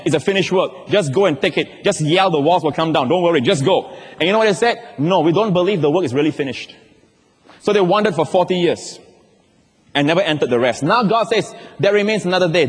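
A man's voice: a little high, husky. A male pastor preaching emphatically to his church, asking the congregation questions and repeating key words. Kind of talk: sermon. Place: large church. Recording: long hall reverb.

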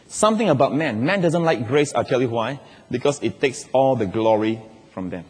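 A man's voice: medium pitch, husky. A male pastor preaching emphatically to his church, asking the congregation questions and repeating key words. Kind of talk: sermon. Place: large church. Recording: long hall reverb.

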